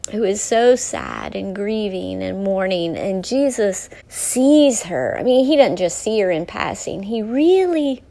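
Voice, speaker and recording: A woman's voice: mid-range voice, creaky, darkish tone. A woman hosting a devotional talk while she paints, telling the story earnestly and often dropping to a near whisper. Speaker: host.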